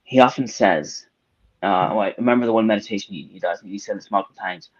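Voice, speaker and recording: A man's voice: lowish voice, fast, muffled recording. A man co-hosting a spiritual live-stream discussion, reflective and storytelling, speaking in long winding sentences. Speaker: co-host.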